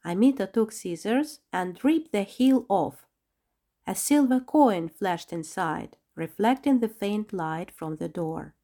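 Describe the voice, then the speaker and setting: A woman's voice: mid-range voice, slow, dark tone. A woman narrating a children's storybook and reading every character's lines herself. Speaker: storybook reader.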